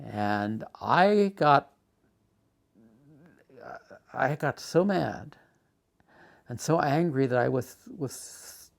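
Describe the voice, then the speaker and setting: An older man in a documentary interview, telling a personal story with halting restarts and rising agitation. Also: medium pitch, animated, creaky.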